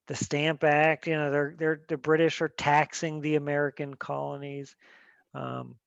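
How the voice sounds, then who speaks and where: A man teaching a class in a relaxed, rambling way, often restarting his sentences and checking in with the students. His voice sits a little high for a man. The recording is dry and somewhat muffled, like a basic classroom mic. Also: dry recording. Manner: conversational, many fillers and restarts, asks students questions. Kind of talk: classroom lecture.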